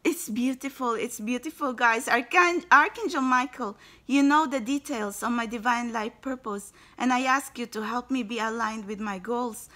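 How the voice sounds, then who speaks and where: A woman doing a spiritual card reading, her voice bright and a little high. She talks in a gushing, exclamatory way, calling her viewers guys and bursting up in excitement. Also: normal speed, few pauses. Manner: effusive, exclaims and repeatedly says guys. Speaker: tarot card reader.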